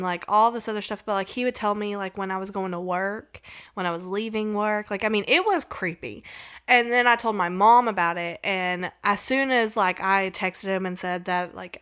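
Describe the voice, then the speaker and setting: A young woman hosts a casual podcast and tells a story in a loose, chatty way, with her sentences full of "like." Her voice is bright and crisp, pitched in a middle range, and she reads old text messages aloud as part of the story. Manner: chatty, frequent "like" fillers. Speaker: podcast host.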